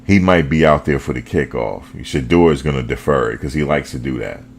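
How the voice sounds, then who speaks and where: A man hosting a fan show, talking football in a casual, animated way, full of slang and repetition. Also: very deep voice, a little fast, gravelly, slight background noise. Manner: animated, repeats himself, slangy.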